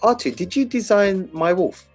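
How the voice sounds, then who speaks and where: A man's voice: sits high, normal speed, darkish tone, faint music behind. A male guest in a casual podcast chat, inquisitive and a little hesitant.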